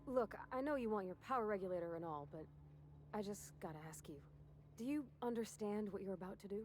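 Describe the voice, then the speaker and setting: An actress voicing a shy, earnest young woman in a video game, talking in a soft, apologetic, rambling way. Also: medium pitch, expressive, fairly quick, a little hiss or hum, lightly acted. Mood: pleading. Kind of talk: video game character dialogue.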